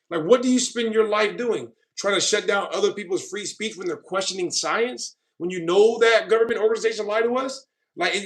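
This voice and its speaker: A man with a high, slightly bright voice goes through live stream comments, pushing back on commenters with defensive lecturing. "You know what I mean" comes up again and again.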